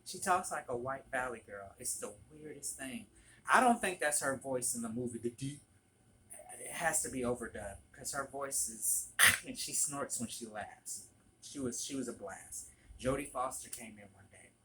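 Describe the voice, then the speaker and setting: A man tells stories to camera in a casual, chatty way. His voice is bright and clear, with plenty of ums and gossipy asides. The pitch sits in a middle range. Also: moderate pace, a little hiss or hum, poor audio. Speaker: vlogger, former barista.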